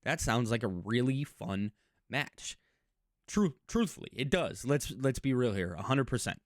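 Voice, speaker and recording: A man's voice: medium pitch, unhurried, no room sound. Emphatic man recapping wrestling, dry sound. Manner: emphatic, chatty, repeats words when excited. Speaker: wrestling commentary channel host. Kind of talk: casual recap and opinion monologue.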